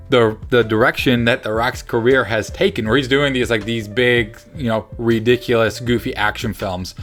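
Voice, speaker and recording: A man in a relaxed movie-review chat, his voice sitting at an ordinary middle pitch. He talks eagerly and rambles, circling back and restarting his sentences. Faint music hums underneath. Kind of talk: casual chat.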